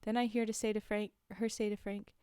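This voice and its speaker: Woman reading a story, clear close voice. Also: medium pitch, level tone, brisk, warm tone, no echo. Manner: reads the text plainly and breaks off for chatty, amused asides. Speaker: streamer reading a book aloud. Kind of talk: casual live-stream book reading with asides.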